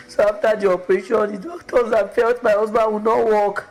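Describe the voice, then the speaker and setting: A woman's voice: unhurried, faint music behind, poor audio. Fervent Nigerian woman giving testimony. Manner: fervent, exclamatory, with sudden high emotional cries. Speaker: testimony giver. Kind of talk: emotional church testimony.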